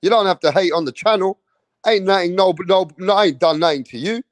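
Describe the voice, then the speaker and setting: A man's voice: sits high, brisk. A man hosting a boxing channel, talking casually and chiding viewers in street slang. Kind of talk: casual livestream rant.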